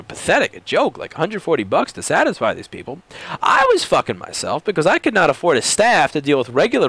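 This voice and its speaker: A man who runs a repair shop, ranting casually in a blunt, profane, animated way. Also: a little high, no echo. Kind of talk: casual rant vlog.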